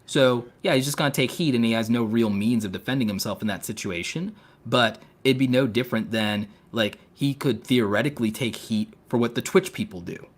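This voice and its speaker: A man's voice: mid-range voice, fairly quick. A man hosting a casual podcast chat, talking in long rambling runs full of fillers, with a sarcastic edge. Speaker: podcast host.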